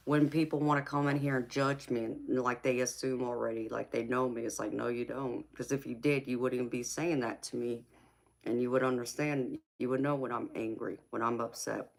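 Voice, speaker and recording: A woman's voice: a bass voice, steady tone, fairly quick, vocal fry. A middle-aged woman talking casually to viewers on a live stream, speaking with passion and conviction and calling them honey and baby. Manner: passionate, emphatic, talks to chat with endearments. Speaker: tarot reader and live streamer.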